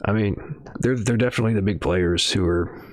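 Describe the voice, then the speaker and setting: A man with a low voice drifts through casual stream commentary, hedging, swearing and trailing off into fillers. His voice is close and dry, recorded at a desk mic in a small home room. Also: a little fast, no room sound. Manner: rambling, profane, hedging with fillers. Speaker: streamer reading news.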